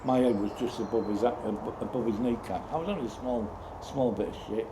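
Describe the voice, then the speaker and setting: A man telling a rambling personal story in a halting way, with restarts and sudden outbursts. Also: medium pitch. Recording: roomy echo with loud background noise.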